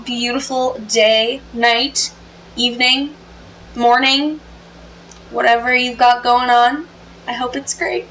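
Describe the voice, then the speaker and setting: A woman's voice: sits high, a bit bright, slight background noise, low-quality recording. A woman telling a story to camera in a casual, chatty way, full of fillers. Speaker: storytelling vlogger.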